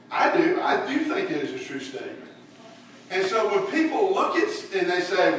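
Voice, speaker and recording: A man's voice: sits high, huge pitch swings, normal speed, fairly bright tone. A man teaching a church Bible lesson in a folksy way, putting questions to his class. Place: church room. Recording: echoey room, voice from far off, faint hiss.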